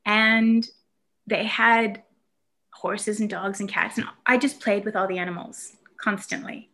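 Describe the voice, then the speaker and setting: A woman from the United States tells a personal story in easy conversation. Her voice is bright and forward, and she circles back with restarts and "um"s as she remembers. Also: medium pitch, fairly even intonation, measured pace. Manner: warm, reflective storytelling with fillers and restarts. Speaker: guest telling a childhood story. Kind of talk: casual conversation.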